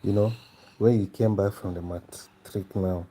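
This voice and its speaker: A man's voice: sits low, steady tone, unhurried, warm tone, a little hiss or hum. A father and channel host chatting playfully with his baby, teasing and coaxing with lots of questions.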